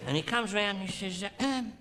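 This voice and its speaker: A man's voice: high voice, animated, fairly quick, a bit bright. A man playing a crude, boastful older Australian male diplomat in stand-up character comedy, with an Australian accent and a bawdy, leering, mock-sentimental way of telling stories. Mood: sly bawdy.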